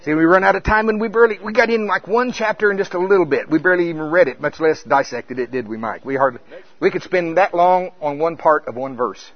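An older man preaching a sermon in an animated way, breaking into high, laughing exclamations. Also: quick pace. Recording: dull lo-fi sound.

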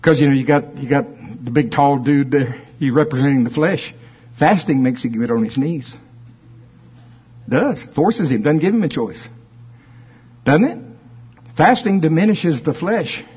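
Brief: middle-aged man preaching, lively and husky, on a dull lo-fi recording. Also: fairly high pitch, normal speed, long pauses. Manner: animated storytelling, playful, acts out voices. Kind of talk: sermon.

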